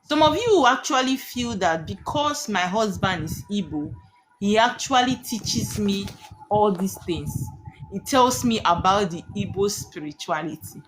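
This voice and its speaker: A woman's voice: mid-range voice, animated, measured pace. A woman, hosting a live stream and teaching with emphatic rhetorical questions that she answers herself.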